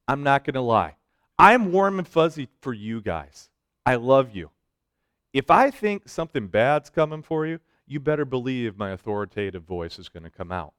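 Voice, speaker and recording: Lively preaching man, clear voice. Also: mid-range voice, no echo, studio quality. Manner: swings between loud emphatic lines and soft hushed ones, with joking asides. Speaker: pastor speaking to students. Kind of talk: sermon.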